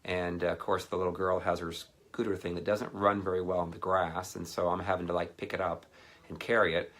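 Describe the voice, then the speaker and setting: A man's voice: deep voice, brisk. A man giving a casual, rambling sermon, telling a personal anecdote and acting out what others said. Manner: rambling anecdotal delivery with animated quoted voices. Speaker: ministry speaker.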